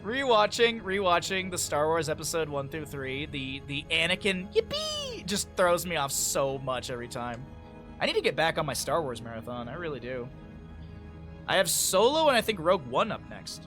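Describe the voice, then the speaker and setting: A man's voice: on the high side, sing-song, moderate pace, music in the background. A young man from the American Midwest casting a live esports match, tired and chatty, turning aside to talk to his stream chat between plays. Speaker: esports caster. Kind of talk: live game commentary.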